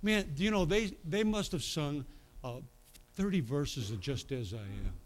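A man preaching a sermon, telling a personal story and swinging from quiet asides to loud, emphatic bursts. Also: a little high, lively intonation, measured pace.

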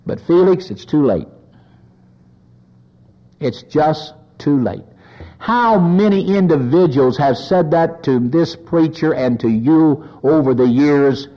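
A man preaching a sermon, his pitch rising as he voices the cries of sinners. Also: expressive, slow, highs cut off.

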